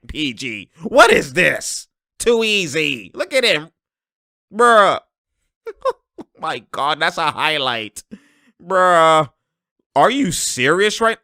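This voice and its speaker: A man hosting a basketball reaction show, giving slangy, excited commentary over game clips and laughing often. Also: a little high, no room sound, studio quality. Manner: animated, slangy, laughs often, shouts at plays. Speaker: host of a basketball reaction channel.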